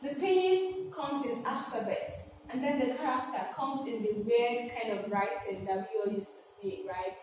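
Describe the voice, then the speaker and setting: A woman's voice: on the high side, normal speed, hardly any pauses, a little mellow, a little hiss or hum. A woman teaching a Chinese language lesson, patiently repeating key phrases and asking viewers to repeat them. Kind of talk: classroom-style lesson. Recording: echoey hall from a distant mic.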